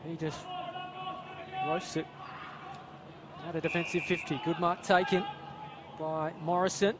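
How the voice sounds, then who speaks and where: A man's voice: a little high, level tone, a little slow, noisy background. A man with an Australian accent giving chatty live football analysis, with some hesitant restarts. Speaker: expert commentator. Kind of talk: live sports commentary.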